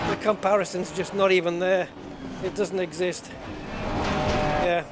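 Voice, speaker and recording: A man's voice: sits high, level tone, unhurried, pauses often. A man giving live commentary while driving a racing sim, exclaiming often as he wrestles a heavy wheel. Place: home sim rig. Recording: loud racing game engine noise behind.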